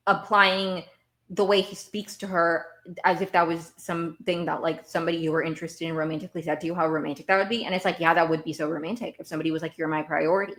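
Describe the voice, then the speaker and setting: A woman with a slightly low voice talks through a TV episode as a podcast host. She rambles in a casual, animated way and repeats words as she works out her point. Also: fast. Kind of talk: casual TV recap.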